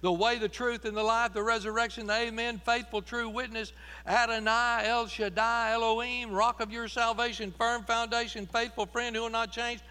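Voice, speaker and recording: A man voicing Jesus as a commanding white-robed man, booming out a rapid litany of his own titles. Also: level tone, pushed and bright, clear, resonant tone. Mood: proclaiming. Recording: echoey hall with mains hum.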